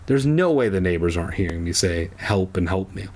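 Man, husky, animated pitch, comedic book reading, sarcastic crude asides. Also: a little fast. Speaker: comedic reader.

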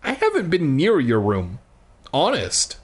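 A bratty little sister, whining and shouting back defensively in a high, swooping voice, as a man puts her on while reading a storybook. Her words come slowly and drawn out. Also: wildly swooping pitch, slightly rough, full character voice. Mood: defiant. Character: defiant bratty girl, the younger sister.

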